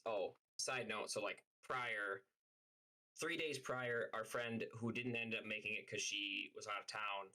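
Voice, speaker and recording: A man's voice: fairly low pitch, a little slow, bright, forceful tone, rough recording. Profane young man telling a rambling story. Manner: profane, rambling, heavy use of "like". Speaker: streamer. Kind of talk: casual storytelling.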